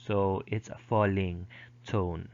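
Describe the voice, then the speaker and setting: A male lecturer explaining pronunciation slowly, with frequent fillers and restarts, modeling sounds aloud. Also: low-pitched, flat delivery, darkish tone, muffled recording. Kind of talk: recorded online lecture.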